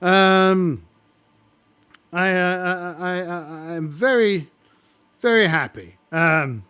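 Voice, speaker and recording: A man's voice: high-pitched, drawn-out words, pushed and bright, clean tone, pitched above the performer's own voice, full character voice. A man voicing a cheery oracle spirit who lives at the bottom of a pit, talking in a fluttery, eager babble. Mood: strained cheer.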